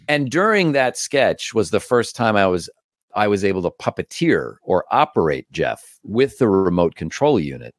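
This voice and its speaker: A man, a voice actor and comedian, telling stories as an interview guest in an animated way, acting out the voices of others. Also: low-pitched, no room sound, clean studio sound. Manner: animated, acts out quoted voices. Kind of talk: storytelling interview.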